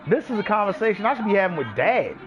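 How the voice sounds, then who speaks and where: A man's voice: sits high, sing-song, quick pace, crowd noise. A man in a swaggering, profane, boastful rant, cursing freely. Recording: muffled recording over loud music.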